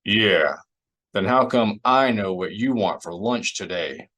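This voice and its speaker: A male reader gives a middle-aged smuggler a dry, sarcastic edge, low in pitch and blunt in delivery. It stays close to an everyday man's voice in an audiobook. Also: lively intonation, takes it slowly, a bit bright, heavily acted. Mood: wry.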